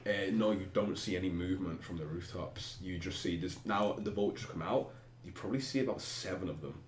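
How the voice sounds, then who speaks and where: A man's voice: deep voice, fairly quick. A man narrating a tabletop game as game master, chatty and loose with many fillers. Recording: echoey room with some noise.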